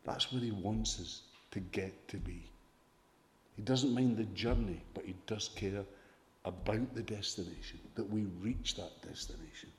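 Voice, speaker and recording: A pastor preaching a sermon, earnest, swelling for emphasis and dropping soft. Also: male voice, lowish voice, unhurried. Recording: echoey hall reverb.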